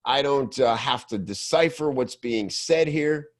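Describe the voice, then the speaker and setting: A man hosting a podcast, casually teaching copywriting with animated, swearing reactions. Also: medium pitch, a little slow, hardly any pauses. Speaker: podcast host critiquing copywriting.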